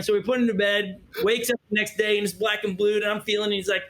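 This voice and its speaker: High-voiced earnest man interviewer. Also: level tone, fast talker, gravelly, a bit bright. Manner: earnest storyteller, stumbles and restarts as he feels his way. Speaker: interview host. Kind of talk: heartfelt interview conversation.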